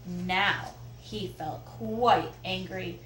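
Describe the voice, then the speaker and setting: A woman reading picture books aloud to children, expressive and asking listeners questions. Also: lowish voice, drawn-out words. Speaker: children's story reader. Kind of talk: picture book read-aloud. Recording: roomy echo, faint background noise.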